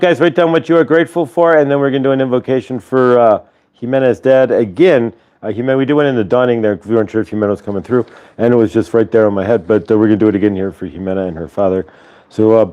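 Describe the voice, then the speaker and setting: A man's voice: medium pitch, warm tone, muffled recording. A man hosting a spiritual morning livestream, talking loosely with many fillers and leading guided breathing on a clip-on mic at home. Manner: loose, rambling, full of filler words. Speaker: host of a spiritual morning show. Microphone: clip-on lapel mic.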